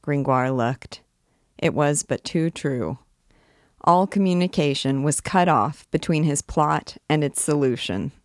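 A woman reading a classic novel aloud in a measured, expressive way as a guide to the book. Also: low voice, no room sound, clean studio sound.

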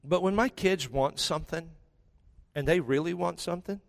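A male pastor preaching a sermon with emphatic delivery, dramatic pauses and quiet, intense stretches. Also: fairly high pitch, gravelly.

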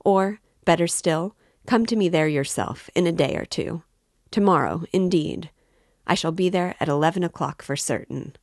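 A woman's voice: deep voice, lively intonation, measured pace, a little mellow, dry recording, studio quality. A woman reading an audiobook voices an affable, prying older male magistrate who talks with excessive politeness. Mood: amiable probing. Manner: overly polite, familiar, insinuating.

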